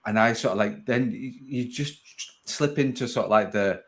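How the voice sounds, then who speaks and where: A man with a Sheffield accent hosting a relaxed podcast interview, rambling and restarting his sentences as he chats. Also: mid-range voice, moderate pace. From Sheffield, England. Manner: rambling, self-interrupting, chatty. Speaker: podcast host.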